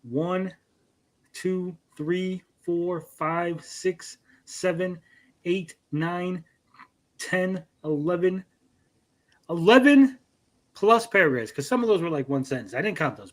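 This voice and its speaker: A man co-hosting a livestream podcast, talking bluntly and profanely and mocking people with put-on quotes. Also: sits high. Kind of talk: profane, blunt casual chat.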